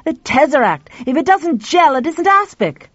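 Lady putting on a high-voiced fed-up guy, storybook, kinda dull audio. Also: very animated, moderate pace, no room sound. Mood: frustrated. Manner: exasperated outbursts. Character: high-strung frustrated middle-aged man.

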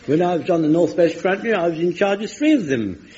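An actor playing an eager, rambling old lance corporal in a vintage radio comedy. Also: male voice, high-pitched, animated, fairly quick, darkish tone. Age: older. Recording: dull vintage broadcast recording.

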